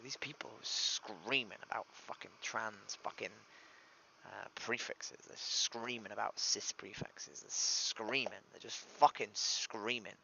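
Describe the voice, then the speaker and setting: A man's voice: lowish voice, vocal fry, bright, forceful tone, muffled recording, slight background noise. A man streaming alone, upset and weary, venting his frustration in a despondent monologue that swears and trails off into mutters.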